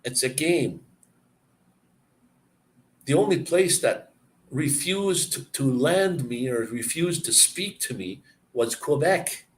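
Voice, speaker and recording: A man's voice: medium pitch, animated, takes it slowly, pauses often, low-quality recording. Rambling, opinionated Canadian man. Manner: rambling, opinionated storytelling with restarts. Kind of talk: casual chat.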